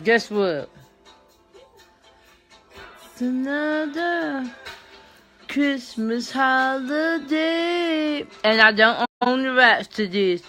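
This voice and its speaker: A tired older woman hosting a folksy vlog monologue. She talks in a chatty, drawn-out way and keeps adding mm-hmm and yes sir. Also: sits high, expressive, sharp tone, soft background music. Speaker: vlog host.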